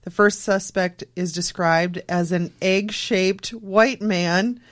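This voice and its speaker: A woman co-host reading odd news items aloud in an ordinary mid-range voice. She slips wry, deadpan jokes in between the stories. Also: mid-range voice, takes it slowly. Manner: reads stories, breaks into giggles and wry jokes. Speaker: podcast co-host.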